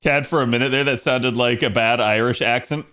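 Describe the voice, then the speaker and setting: A man's voice: mid-range voice, fairly even intonation, fairly quick, pushed and bright. A man streaming a game, chatting casually with his viewers and laughing often as he plays. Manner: chatty, laughs often, talks to chat while playing. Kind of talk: casual gaming stream chat.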